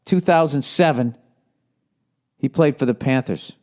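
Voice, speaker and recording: Medium-pitched and unhurried, a forties-aged man with a Boston accent rambles through his casual solo podcast. Swearing runs throughout, and he lapses into shouted gangster-film impressions.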